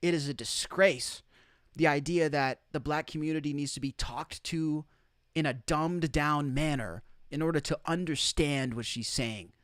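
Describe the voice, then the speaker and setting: A man delivers an opinion commentary monologue, emphatic and incredulous, hammering points by repeating them. His pitch rises and falls with lively swings. The sound is close and dry. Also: dry recording. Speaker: commentary host.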